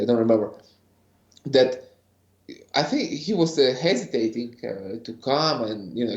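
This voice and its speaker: Man, podcast guest, earnest storyteller, quotes people, roomy echo, medium pitch. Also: creaky, a little mellow, highs cut off. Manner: earnest, re-enacts other people's words in quotes. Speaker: podcast guest, ceremony facilitator. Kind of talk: storytelling interview.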